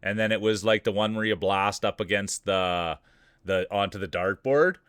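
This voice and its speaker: A man's voice: on the low side, moderate pace, a bit bright, clear, resonant tone, no echo, studio quality. A man hosting a live stream of marble races, commentating in playful, jokey announcer patter.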